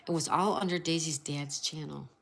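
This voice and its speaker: A woman's voice: low voice, steady tone, normal speed, vocal fry, a bit bright. A woman hosting a casual livestream, greeting viewers, reading chat aloud and spelling out crossword answers. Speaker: livestream host.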